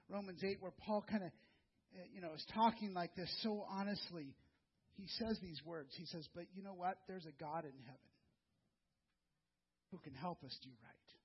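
A man preaching a sermon in a conversational, earnest way, repeating words and dropping soft and low for emphasis. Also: breathy edge, dull audio. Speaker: pastor.

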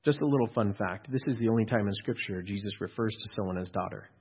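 A man's voice: fairly low pitch, quick pace, slightly rough. A male pastor giving a sermon in a conversational, storytelling way, asking his listeners rhetorical questions. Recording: dull lo-fi recording.

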